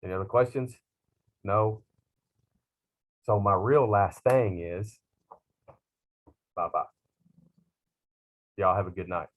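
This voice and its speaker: A middle-aged man, a culinary instructor talking to his class in a slow, rambling, self-teasing way with many fillers. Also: on the low side. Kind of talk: class talk to students.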